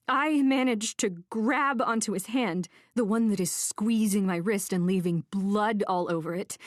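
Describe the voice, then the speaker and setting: A woman narrating a first-person thriller audiobook in a tense, measured voice. Her pitch sits at a middle level for a woman. The recording is dry, with no room echo.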